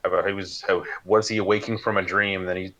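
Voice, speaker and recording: A low-voiced man on a dull, lo-fi mic making wry jokes. He chats in a relaxed way about a novel. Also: fast. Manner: wry, joking asides. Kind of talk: casual book discussion.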